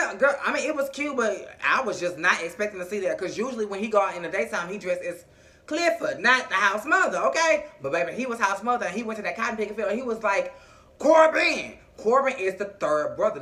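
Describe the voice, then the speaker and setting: High, bright-voiced sassy male vlogger. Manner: sassy, chatty, full of asides. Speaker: TV recap vlogger. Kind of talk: casual episode recap.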